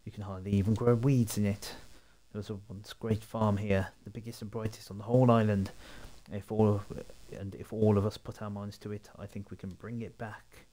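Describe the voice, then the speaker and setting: A man's voice: lowish voice, little pitch movement, a little fast, hardly any pauses, dark tone, natural voice. A man reading as a chirpy farm girl. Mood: eager. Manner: eager, upbeat. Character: cheerful young farm girl.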